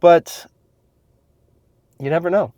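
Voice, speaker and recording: A man's voice: fairly high pitch, takes it slowly, dark tone, no room sound. A man in his thirties, a fitness trainer, talking intensely and bluntly to a podcast mic, swearing freely. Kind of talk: casual solo podcast monologue.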